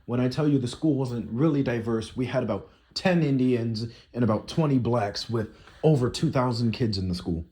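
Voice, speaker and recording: Husky teenage guy telling a story. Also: medium pitch, normal speed, mellow. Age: teens. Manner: rambling, many "you know" and "like" fillers. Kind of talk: casual storytime monologue.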